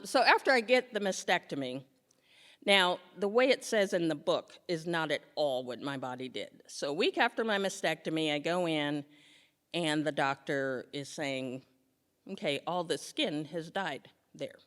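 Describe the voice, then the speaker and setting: A woman's voice: low voice, animated, moderate pace, a bit bright, big-room sound. A woman on stage telling a comic story about her own life to a live audience, acting out the scenes with self-mocking humor.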